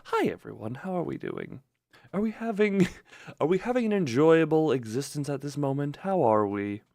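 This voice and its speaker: A young man chatting on a game stream with a fairly high voice that swings up and down a lot. He rambles and jokes, tripping over words and restarting sentences as he talks to his viewers. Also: big pitch swings, normal speed, vocal fry, darkish tone, no room sound, clean studio sound. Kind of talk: casual live-stream chat while gaming.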